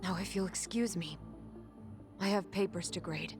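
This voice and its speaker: A woman's voice: fairly low pitch, fairly even intonation, moderate pace, natural voice. A woman voicing a stern, businesslike adult female schoolteacher in a video game, curt and formal. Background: game music.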